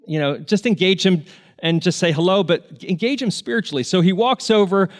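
Speaking fairly quickly in a high voice, a pastor tells stories during a sermon. His delivery is earnest and emotional, and at moments he sounds close to tears.

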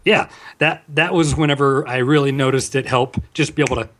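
A man guest on a casual podcast, telling stories in a relaxed, easygoing way. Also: medium pitch, fairly quick, slight background noise. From Texas. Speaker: guest actor.

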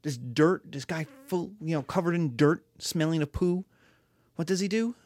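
A woman history teacher giving an animated, storytelling lecture. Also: low voice, a little slow, pauses often, no echo, studio quality. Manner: lively, storytelling, acts out voices.

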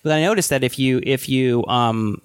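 A man's voice: mid-range voice, moderate pace, smooth, dry recording. Casual man musing with restarts, dry sound. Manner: thinks aloud with restarts and hedges. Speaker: podcast co-host. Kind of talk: casual tech chat.

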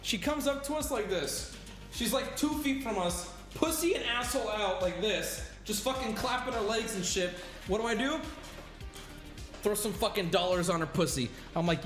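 A man's voice: moderate pace, soft background music. A young adult man streamer telling a story in a casual, swearing, giggling way. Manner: animated, swears often, giggles, jumps into high-pitched shouts. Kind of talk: casual storytelling while reacting to clips.

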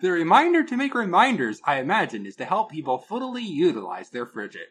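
A man co-hosting a casual podcast, telling a product story with a lot of pitch movement and laughing at his own jokes. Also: huge pitch swings, fairly quick, fairly bright tone, slightly rough. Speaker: podcast co-host.

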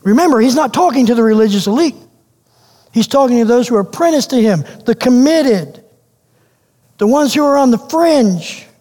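A man preaching a sermon as pastor, animated and questioning, repeating phrases for emphasis. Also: very high-pitched, moderate pace. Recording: long hall reverb.

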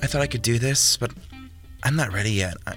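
A man's voice: mid-range voice, fairly quick, over music, natural voice. A man narrating a storybook, voicing a young woman investigator who speaks hesitantly and defiantly. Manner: hesitant, faltering then firm.

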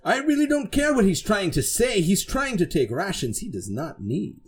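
A man's voice: high-pitched, big pitch swings, normal speed, slight background noise, voice pushed up. A man voicing a boastful, pompous male knight in a tabletop game, speaking in a haughty, formal way.

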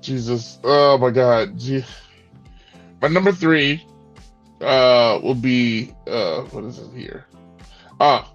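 A man's voice: mid-range voice, slow, long pauses, faint music behind. A man co-hosting a casual wrestling podcast in a laid-back, agreeable way. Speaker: podcast co-host. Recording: slightly dull, lo-fi sound.

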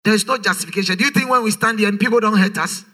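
A man's voice: sits high, very fast, pushed and bright. A man preaching a sermon, emphatic and full of rhetorical questions, his voice rising in a sing-song way. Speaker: pastor.

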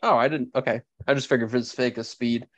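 A man's voice: mid-range voice, fairly even intonation, quick pace. A man running a tabletop role-playing game, explaining rules in a casual way. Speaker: game master.

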